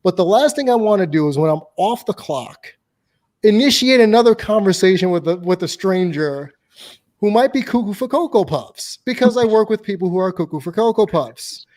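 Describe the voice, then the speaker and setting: A man hosts a relaxed podcast conversation, drawing on his work as a dating coach. His voice sits high for a man, and he talks bluntly and with conviction, spinning quick anecdotes. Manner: blunt, opinionated, animated storyteller. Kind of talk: casual podcast chat.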